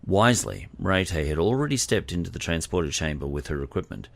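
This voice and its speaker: A man reading scripted audiobook narration in a steady, expressive way. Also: low voice, fast, creaky, no echo.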